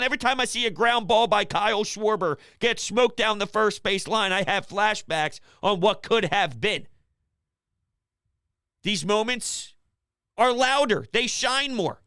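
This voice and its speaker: A man hosts a call-in sports show from his home office, venting in a subdued, dejected way. His voice sits high and gravelly. The sound is close and dry. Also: sharp tone, dry recording. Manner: dejected, low-key venting. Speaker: sports talk show host.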